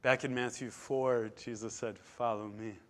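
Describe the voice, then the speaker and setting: Male preacher, sermon, emphatic, loud stresses and hushed drops. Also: medium pitch, fairly even intonation, unhurried.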